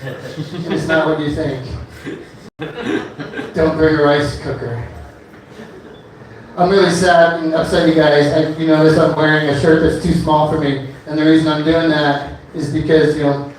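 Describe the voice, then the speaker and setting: A man's voice: on the high side, fairly even intonation, moderate pace, a little hiss or hum. A man performing a stand-up comedy set on a bar stage, rambling loosely with many fillers between one-liners. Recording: echoey club room from far off.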